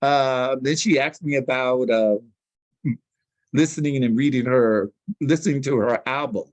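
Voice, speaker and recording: A man telling stories as a guest in a sit-down interview, animated and slangy. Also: medium pitch, measured pace, no room sound. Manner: animated storyteller with street slang. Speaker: public relations consultant, interview guest.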